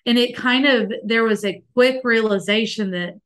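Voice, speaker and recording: A woman's voice: fairly high pitch, normal speed. A woman in her thirties, a podcast guest, telling a personal story in an earnest, tender way, with many "like" fillers. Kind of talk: heartfelt conversational storytelling.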